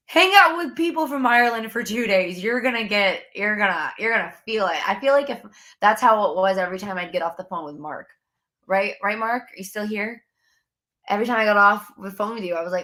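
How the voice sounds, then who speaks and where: A woman's voice: medium pitch, fairly quick, bright, forceful tone. A young woman hosting a casual sports live stream from home, bubbly and chatty, talking straight to her viewers. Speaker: sports podcast host. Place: home room near window.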